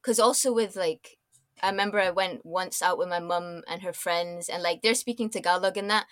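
A woman's voice: on the low side, normal speed, a bit bright, no echo. A young woman with a Scottish accent, a podcast guest chatting casually and rambling through many fillers and restarts. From Scotland. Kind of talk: casual chat.

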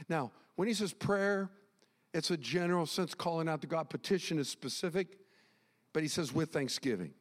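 A man preaching a sermon as pastor, emphatic and animated, repeating phrases as he builds his point. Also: fairly high pitch, normal speed, long reverb tail. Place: church sanctuary.

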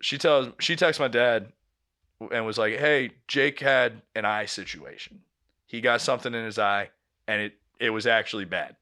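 Bright-voiced young man telling a story. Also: fairly low pitch, normal speed. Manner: animated storyteller, swears a lot, acts out quotes. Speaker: podcast co-host. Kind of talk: casual chat, storytelling.

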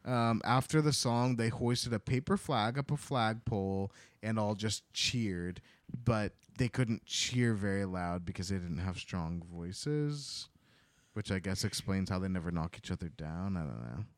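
A man's voice: fairly low pitch, animated, dry recording. A man co-hosting a podcast, casually retelling a book's plot and acting out the characters' lines. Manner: retells plot with quick acted-out quotes. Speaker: podcast co-host. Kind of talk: casual book-recap chat.

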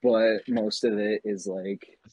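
A man's voice: on the low side, steady tone, takes it slowly, a little mellow, breathy edge, dry recording. A young man co-hosting a podcast in casual chat, laid-back and swearing freely. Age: young adult.

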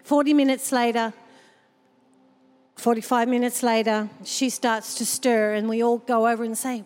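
A woman's voice: on the high side, steady tone, moderate pace, a little mellow. A woman pastor preaching a sermon at a church service, telling personal stories with feeling. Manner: emotional, personal storytelling. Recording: long hall reverb from the church.

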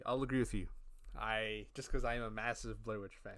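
A man co-hosting a casual podcast, chatting in a relaxed, agreeable way and often saying "alrighty.". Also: lowish voice, a little fast, dry recording, clean studio sound. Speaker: podcast co-host. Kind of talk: casual chat.

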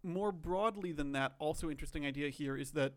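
Podcast co-host, male, slightly high voice, thoughtful and rambling. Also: fairly quick. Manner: thoughtful, musing, many "like" fillers. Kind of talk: casual chat.

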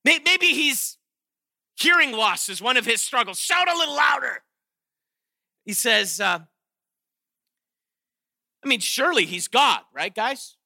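A man preaching a sermon, animated and playful, often restarting his sentences and acting out quotes with sarcasm. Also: extremely high pitch, unhurried, pauses often, no echo, studio quality. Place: chapel or auditorium.

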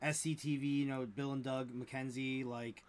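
A man's voice: medium pitch, level tone, normal speed. A Canadian man co-hosting a podcast, chatting casually and riffing with jokes between fillers. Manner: jokey, riffing, rambling with fillers. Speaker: podcast co-host. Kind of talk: casual chat.

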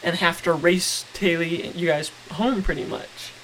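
A young man in his twenties casually telling a story as podcast co-host, relaxed and rambling. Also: fairly high pitch, measured pace, poor audio. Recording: faint hiss.

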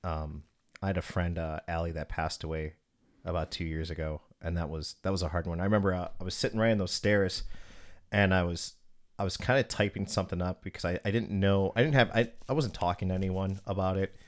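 A man's voice: deep voice, steady tone, a little fast. A man in his thirties hosting a casual podcast, telling personal stories, swearing often and calling people dude. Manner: swears often, storytelling, says dude a lot. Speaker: podcast host.

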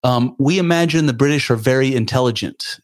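A man's voice: medium pitch, fairly quick, no echo. American man, podcast guest, General American accent, hesitant and wordy, dry close sound. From United States. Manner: hesitant, many ums and restarts, searching for words. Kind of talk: casual conversation.

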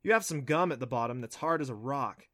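A man voicing a nervous, excitable young girl with a squeaky voice, in an audiobook reading. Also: brisk, lightly acted. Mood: sulky. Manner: squeaky, jittery.

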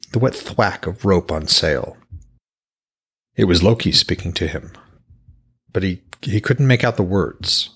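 A man reading his own fantasy novel aloud as podcast host, with steady storytelling. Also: low-pitched.

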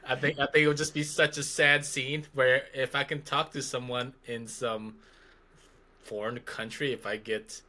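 A man's voice: medium pitch, little pitch movement, normal speed, pushed and bright. A man, a guest on a podcast, chatting casually in a rambling, joking way and thinking aloud. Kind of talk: casual conversation.

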